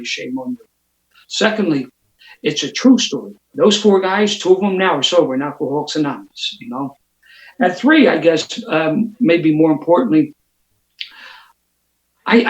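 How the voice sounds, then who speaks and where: A man's voice: a little high, echoey room, poor audio. A man sharing his recovery story at a meeting, with a lot of stops and restarts. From Philadelphia. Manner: storytelling with quick restarts and laughs. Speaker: AA speaker. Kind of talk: recovery share told as a story. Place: home via video call. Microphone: video call mic.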